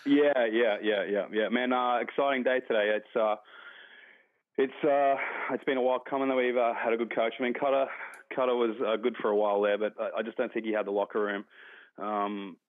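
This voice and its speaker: A man with an Australian accent calls in over a tinny, narrow phone line. He rambles easily and sounds relaxed. The sound is dry. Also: medium pitch, brisk, no room sound. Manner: relaxed, rambling fan talk. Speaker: caller. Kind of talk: phone call-in chat.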